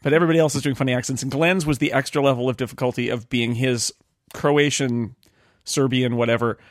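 A man with a mid-range voice, recorded dry and close. He hosts a casual chat and tells stories fast with many laughs. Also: mid-range voice, steady tone, no room sound. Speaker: podcast host.

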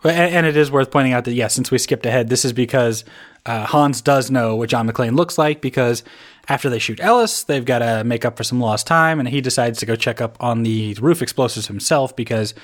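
A man in a casual podcast chat, retelling a film scene in a chatty, easygoing way. His voice sits at an ordinary pitch. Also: brisk. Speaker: podcast co-host. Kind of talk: casual movie discussion.

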